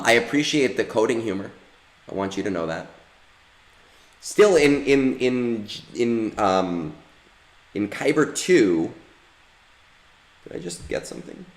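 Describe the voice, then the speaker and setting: Man, deep voice, slow talk, casual rambling game commentary. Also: echoey room. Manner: rambling, many fillers and restarts. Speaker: gaming streamer. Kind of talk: casual livestream commentary while playing.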